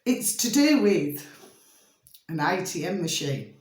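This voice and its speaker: A woman's voice: lowish voice, very animated, slow. Chatty woman in an echoey room. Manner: chatty, emphatic, repeats pet phrases, breaks into giggles. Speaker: vlogger. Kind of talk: rambling casual monologue to camera.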